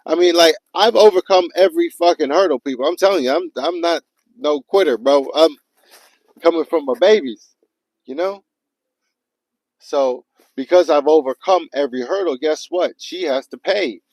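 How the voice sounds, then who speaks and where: A man's voice: fairly high pitch, moderate pace, darkish tone, no room sound, poor audio. A man venting to his livestream viewers in a casual, profane rant, frustrated and addressing them directly.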